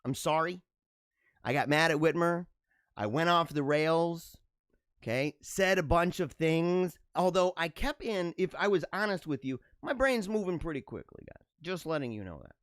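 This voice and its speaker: Animated, joking man hosting a show. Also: a little high, moderate pace, no room sound, clean studio sound. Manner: joking, sarcastic, laughs at own jokes. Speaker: podcast host. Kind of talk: casual commentary reading jokes.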